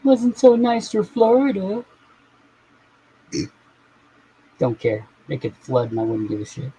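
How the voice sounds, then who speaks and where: A man's voice: high voice, very animated, slow, mellow, breathy edge, rough recording. A man chatting casually on a live stream, rambling and swearing offhand as he reacts to things.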